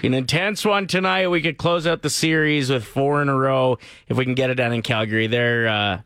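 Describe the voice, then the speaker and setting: A man's voice: medium pitch, brisk, a bit bright, clean tone, no echo, clean studio sound. A man co-hosting a casual radio show, laid-back and chummy, often chuckling. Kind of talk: casual morning radio banter.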